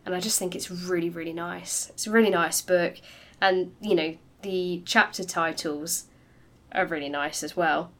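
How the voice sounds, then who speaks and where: A woman with a lowish voice chats about books on a podcast. She sounds animated and enthusiastic, and she laughs easily. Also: moderate pace. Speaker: podcast co-host. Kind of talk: casual book chat.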